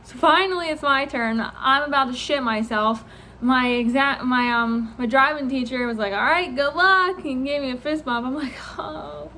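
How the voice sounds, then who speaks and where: A young woman vlogger telling a story in a casual, animated way, laughing often, swearing freely and acting out what people said. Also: high-pitched, normal speed, slight background noise.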